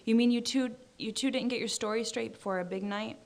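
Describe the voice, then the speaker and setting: A woman's voice: on the high side, fairly even intonation, a little fast, a little mellow, natural voice. A woman reading as a dry, mocking man. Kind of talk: literary reading.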